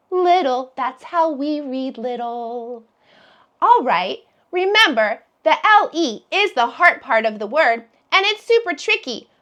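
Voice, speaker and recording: A woman teaching a phonics lesson to preschoolers, sounding out letters slowly in a sing-song way. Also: high voice, fairly bright tone, highs cut off. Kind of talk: phonics lesson for young children.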